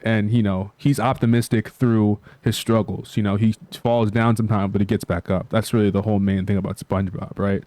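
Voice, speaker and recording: A man's voice: lowish voice, little pitch movement, a little fast, hardly any pauses, mellow, dry recording. A man hosting his channel, talking in a loose, rambling way full of fillers and casual swearing. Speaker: channel host.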